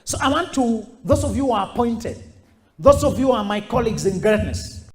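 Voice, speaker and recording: A middle-aged man giving a motivational speech to high school students and acting out the people he quotes. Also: fairly quick. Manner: animated, acts out quoted voices. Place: school hall. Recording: echoey hall.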